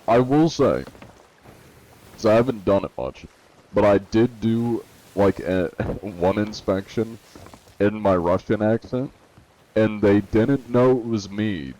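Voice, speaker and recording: A man's voice: fairly low pitch, mellow. A man streaming a game live, chatting casually, reading viewer messages aloud and laughing often.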